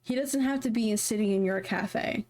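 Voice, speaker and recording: A woman's voice: a little high, normal speed, darkish tone. A woman streamer in casual live-stream chat, rambling with lots of fillers and restarts, heated and passionate.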